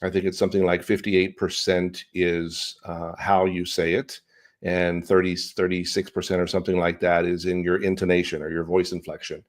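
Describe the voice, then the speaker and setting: A man's voice: low voice, normal speed. A middle-aged man, a CEO coach, talking expressively as a guest in a business podcast interview. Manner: animated, expressive inflection.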